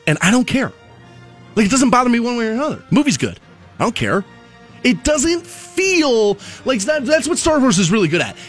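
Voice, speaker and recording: A man's voice: very high voice, sing-song, normal speed, a bit bright, soft background music. A man hosting a casual talk show, chatting in a rambling, conversational way with frequent restarts. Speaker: radio show host.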